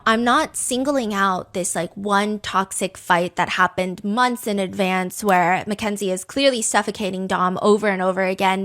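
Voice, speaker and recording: A woman's voice: mid-range voice, a bit bright. A woman hosting a true crime podcast, telling the story in an emphatic, chatty way full of asides. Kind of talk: casual storytelling narration.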